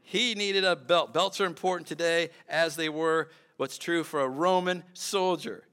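A pastor preaching a sermon in a church, talking conversationally with asides and repeated phrases. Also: male voice, a little high, measured pace, a bit bright, clean tone.

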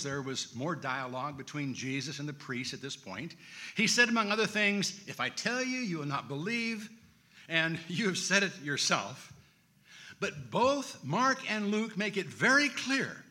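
Preacher guy, high voice, really bright tone, goes up and down a lot. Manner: expressive, emphatic delivery with dramatic drops. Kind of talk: sermon.

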